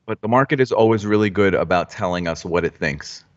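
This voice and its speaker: Casual male stream host, low voice, rambling and jokey, lo-fi sound. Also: a little fast. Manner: joking, rambling with restarts. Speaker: stock trading livestream host. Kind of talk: casual live-stream chat. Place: Florida home trading room.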